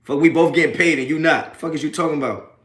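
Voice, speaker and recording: Profane streamer in an echoey room. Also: male voice, a little high, quick pace. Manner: profane, mocking trolls in chat, laughing often. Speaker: sports reaction streamer. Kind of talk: live post-game stream chat.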